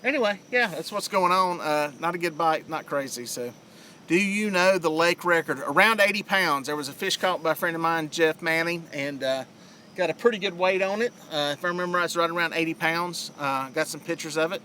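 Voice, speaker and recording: A man's voice: on the high side, a little fast, bright, forceful tone, slight background noise. A middle-aged man with a Southern US accent, chatting casually to viewers on a live fishing stream outdoors by a lake, rambling with plenty of fillers. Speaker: fishing livestream host.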